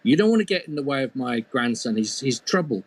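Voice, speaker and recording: A man's voice: medium pitch, big pitch swings, brisk, no room sound. A man voicing the devil's sentimental, doting old grandmother in a told folk tale, in a tender, coaxing way. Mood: soothing.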